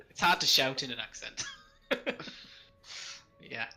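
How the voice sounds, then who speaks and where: A man's voice: mid-range voice, animated, creaky, pushed and bright, faint music behind, poor audio. A man playing a tabletop game, talking casually and in stops and starts as he casts spells. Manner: chatty, stop-start, quick to laugh. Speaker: player casting spells.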